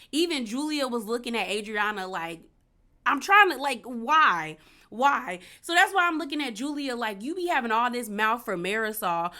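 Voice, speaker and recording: Chatty opinionated woman with a bright voice. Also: on the high side. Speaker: reality show recap commentator. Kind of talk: casual recap commentary.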